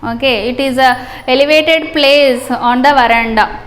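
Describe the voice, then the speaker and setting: High-voiced Indian English woman tutor. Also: steady tone, measured pace, fairly bright tone. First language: Telugu. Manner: explains each word, repeats, checks with "right?". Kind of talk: classroom explanation of a story.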